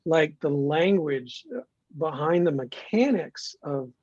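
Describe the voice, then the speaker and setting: A man joining a casual studio conversation, explaining his thoughts in a measured way. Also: on the high side, darkish tone, dry recording. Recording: dry, dull lo-fi sound.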